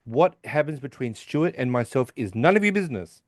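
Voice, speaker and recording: A man's voice: medium pitch, animated, brisk, dry recording, clean studio sound. Chatty man recapping an episode. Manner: rambling retelling, quotes characters with restarts. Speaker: podcast co-host recapping an episode. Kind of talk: casual chat.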